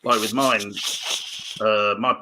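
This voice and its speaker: A man cracking deadpan, rambling jokes while co-hosting a casual podcast chat. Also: lowish voice, takes it slowly, noisy background. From Australia. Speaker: podcast co-host. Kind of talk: casual banter.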